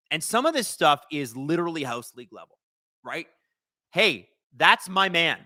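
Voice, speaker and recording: Lively, bright-voiced man hosting a live stream. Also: on the high side. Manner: excitable, joking, chats with viewers. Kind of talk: live watch-along commentary, reading chat.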